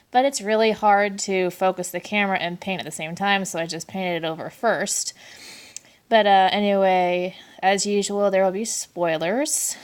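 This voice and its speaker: A woman's voice: medium pitch, smooth. Woman vlog host, casual chatty delivery, gushing with many fillers and giggles. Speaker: anime review vlogger. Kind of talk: casual review chat.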